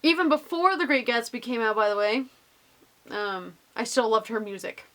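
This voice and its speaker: A woman's voice: a little high, normal speed, fairly bright tone. A young woman casually answering viewer questions in a vlog, bubbly and gushing with lots of ums.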